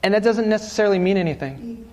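Male pastor, sermon in a church, conversational, joking asides, pausing for an interpreter. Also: high voice, animated, a little mellow. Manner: conversational preaching with joking asides and tag questions. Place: church sanctuary.

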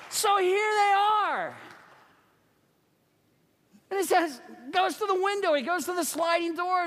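A man preaching a sermon as pastor, telling the story in an animated way and acting out the characters. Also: very high-pitched. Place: church sanctuary. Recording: long reverb of a church sanctuary.

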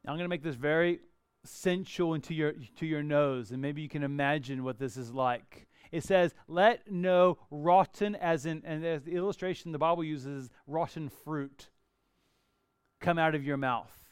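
A man preaching a sermon in a conversational, animated way, acting out little asides. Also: on the high side, normal speed, clear, resonant tone, no echo, studio quality. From Australia. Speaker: pastor.

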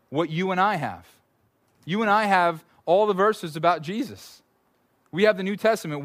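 A male pastor preaching a conversational, animated sermon, often repeating words as he goes. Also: high-pitched.

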